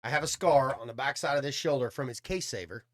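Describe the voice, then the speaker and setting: Speaking fast in a mid-range voice, a man on a podcast as a guest storyteller relates a long tale in a casual way. He curses without restraint and brings the story to life by voicing other people's lines.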